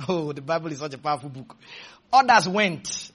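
A man preaching a sermon, leading the congregation in call-and-response with shouted refrains, then dropping into quiet, humorous storytelling. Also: a little high, animated, a little fast.

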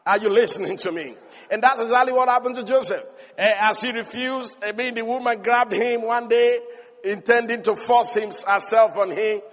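A man preaching a sermon as a pastor, swinging passionately between loud exhortation and low storytelling. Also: steady tone, moderate pace. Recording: long reverb of a large hall.

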